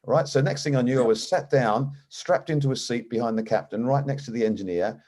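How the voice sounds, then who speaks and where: A middle-aged airline captain tells his story in an interview, speaking fairly quickly at a medium pitch. He's an animated storyteller who acts out the voices of the people he quotes.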